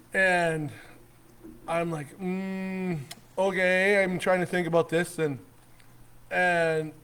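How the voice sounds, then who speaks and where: A middle-aged man from Canada, hosting his own show and telling a rambling, animated anecdote full of restarts and chuckles. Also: a little high, slight background noise. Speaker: host. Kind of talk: casual storytelling.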